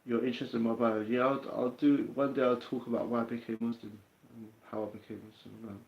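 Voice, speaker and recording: Gravelly London man, casual livestream. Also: mid-range voice, level tone, quick pace. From England. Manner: streetwise, chatty, answers viewer comments. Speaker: livestream host. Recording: roomy, dull lo-fi sound.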